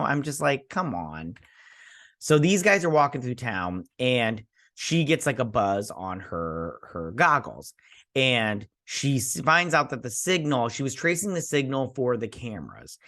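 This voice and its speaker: A man's voice: mid-range voice, a bit bright. A man hosting a casual episode recap and review, rambling with lots of fillers as he paraphrases the characters. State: sleepy, yawning. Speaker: host.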